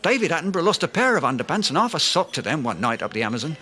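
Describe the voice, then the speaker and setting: A man's voice: fairly high pitch, very animated, rapid-fire, pushed and bright. A man playing a pompous would-be writer. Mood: bluffing. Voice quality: grandiloquent, blustering. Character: pompous self-deluded aspiring male writer. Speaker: comic lead. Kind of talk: comedy audio drama acting.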